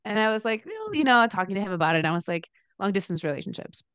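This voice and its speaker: A young woman co-hosting a podcast, telling a story in a chatty, animated way with lots of fillers. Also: fast talker, clean tone, no room sound. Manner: animated storyteller, lots of "like", laughs into high pitch. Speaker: podcast co-host, dancer. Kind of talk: casual chat, storytelling.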